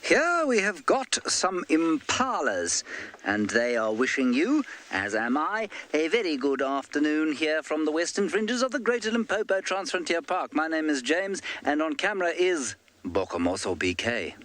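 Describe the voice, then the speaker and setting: A man's voice: on the high side, fairly bright tone. A man safari field guide explaining animal behaviour in friendly live commentary outdoors. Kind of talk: live game-drive commentary. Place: outdoors on a game drive.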